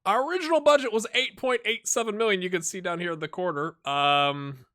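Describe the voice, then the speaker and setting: A man's voice: high-pitched, brisk, sharp tone. A man hosting a gaming channel, giving casual gameplay commentary, chatty and muttering asides to himself.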